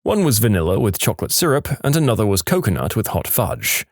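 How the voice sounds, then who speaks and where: A man narrating funny reddit stories in an expressive, storytelling way. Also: on the low side, fast, no echo, clean studio sound.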